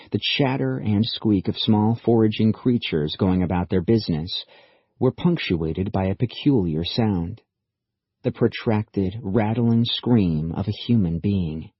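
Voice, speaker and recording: A deep, husky-voiced man narrates an audiobook script in a steady, measured storytelling manner. The recording is dry and slightly dull, with no room sound.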